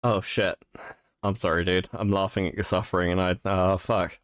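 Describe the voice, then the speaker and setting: A man's voice: low-pitched, level tone, moderate pace, smooth, no echo, studio quality. A tired man hosting a stream, swearing freely and laughing as he reacts to a clip. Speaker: stream host. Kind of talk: casual reaction commentary.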